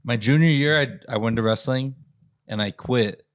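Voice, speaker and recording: A man in a relaxed podcast conversation, reliving old stories in a loose, swearing, animated way. His voice sits at an ordinary middle pitch for a man. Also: normal speed, no room sound, studio quality. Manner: profane, animated storytelling. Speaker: podcast host. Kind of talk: casual storytelling chat.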